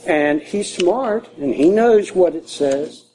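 A man's voice: high voice, expressive, slow, warm tone, a little hiss or hum, low-quality recording. An older man preaching a conversational sermon to a congregation in a church, repeating key phrases for emphasis. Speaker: pastor.

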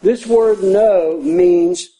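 A man's voice: high voice, very slow, dark tone, low-quality recording. An older man preaching a conversational sermon to a congregation in a church, repeating key phrases for emphasis. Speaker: pastor.

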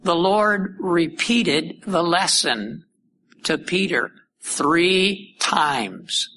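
A man preaching a sermon, teaching deliberately from the Bible and asking rhetorical questions. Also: high voice, vocal fry, sharp tone, slight background noise, rough recording.

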